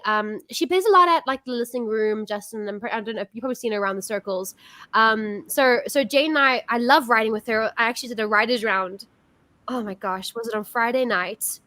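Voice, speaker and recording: A South African woman hosts a relaxed live-stream music show, talking in a bubbly, gushing way full of fillers. Her voice sits high and rings bright. She comes across as chatty and excitable. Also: dry recording. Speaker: host. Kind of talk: casual live-stream chat.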